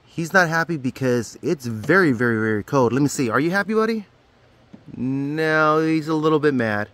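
Upbeat, slightly high-voiced male vlogger. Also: expressive, normal speed, fairly bright tone. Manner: upbeat, rambling, self-deprecating. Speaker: vlogger and camp counselor. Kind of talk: casual vlog talk to camera. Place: outdoors at a summer camp.

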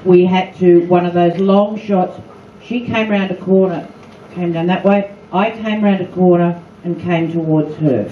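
A woman's voice: fairly low pitch, steady tone, unhurried, slight background noise. Cheeky older Australian woman storyteller. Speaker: former cast member on a panel. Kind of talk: anecdotes at a fan luncheon. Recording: echoey room, far-off mic, dull sound.

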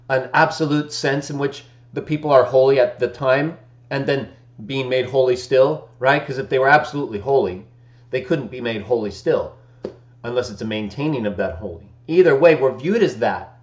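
A man's voice: mid-range voice, a little mellow. Argumentative man hosting a Bible stream. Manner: argumentative, keeps asking "right?" with short chuckles. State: voice not fully warmed up in the morning. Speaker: host of a daily Bible-text live stream. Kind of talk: casual preaching commentary. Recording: echoey room, dull lo-fi stream audio.

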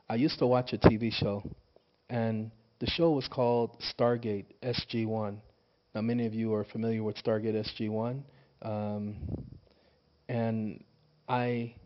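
Emphatic man talking into a phone. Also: mid-range voice. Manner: emphatic, repetitive, rhetorical questions. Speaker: vlogger. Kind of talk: casual monologue. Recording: dull lo-fi phone recording.

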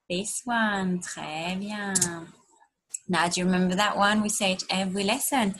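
A woman's voice: mid-range voice, steady tone, a little slow, fairly bright tone. A woman teacher giving an online lesson to young children, encouraging them and modelling words for them to repeat. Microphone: recorded for an online video lesson.

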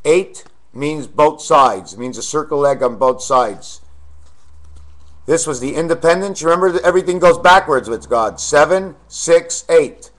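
A man's voice: a little high, expressive, normal speed, a bit bright. A man talking to his webcam from the den of his house, ranting in an agitated, preachy way about numbers and the end of the world. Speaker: webcam vlogger. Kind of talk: rambling monologue to camera. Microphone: webcam mic.

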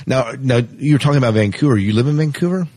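A man's voice: mid-range voice, expressive, quick pace, a little mellow. A man hosting a podcast, asking friendly, rambling questions with fillers. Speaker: podcast host. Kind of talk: casual interview hosting.

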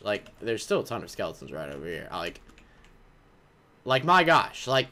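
A man hosting a let's play, excitable and exasperated, saying "like" and "oh my gosh" often. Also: fairly high pitch. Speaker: gaming video host.

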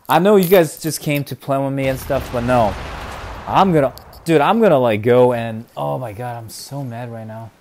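A young man giving excitable, chatty commentary while streaming a shooter game, dropping to mumbles and then bursting out loud. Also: medium pitch, normal speed. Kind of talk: live gameplay commentary.

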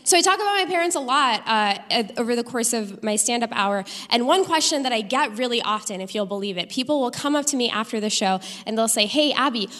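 A young adult woman doing a stand-up comedy set on a theater stage, landing punchlines deadpan in an animated delivery. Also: a little high, in a large hall. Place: theater stage with live audience.

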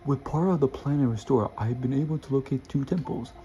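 A man's voice: medium pitch, a little fast, mellow, dull audio, natural voice. A young man voicing a pompous old male professor while reading cutscene lines aloud. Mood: grand.

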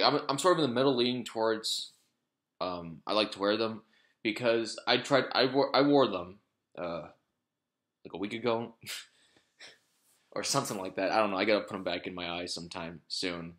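A man's voice: fairly low pitch, normal speed, pauses often, a bit bright. A man talking casually to his vlog audience in a rambling way, with lots of fillers, restarts and swearing. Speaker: vlogger.

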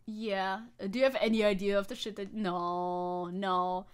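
A woman's voice: medium pitch, level tone, unhurried, smooth. A woman streaming a game, making crude jokes and reading the game text aloud in casual commentary. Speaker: VTuber streamer.

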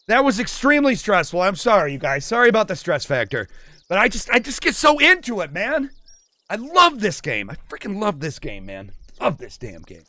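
A man streaming a hunting game, commenting with hype, whooping and shouting, then dropping to quiet murmurs. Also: sits high, dry recording, clean studio sound. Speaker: gaming streamer.

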